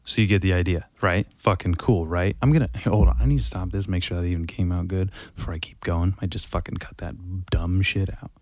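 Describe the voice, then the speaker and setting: A man's voice: deep voice, fairly even intonation, fairly quick, few pauses, a little mellow, a little hiss or hum. A man hosting a solo podcast, rambling casually, swearing constantly and correcting himself mid-sentence. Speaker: podcast host.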